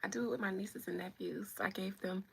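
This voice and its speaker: A woman's voice: medium pitch, steady tone, a little fast, vocal fry, fairly bright tone, slightly rough. A woman hosting a livestream, chatting playfully with viewers and greeting them by name. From United States. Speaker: livestream host. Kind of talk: casual chat with viewers.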